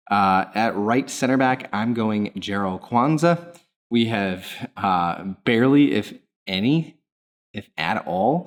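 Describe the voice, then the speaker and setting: Man in a put-on English accent, low-pitched and theatrical, hosting a casual football chat from his kitchen. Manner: playful, theatrical, jumps in pitch. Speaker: football fan channel host. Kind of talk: casual football talk to camera. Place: home kitchen.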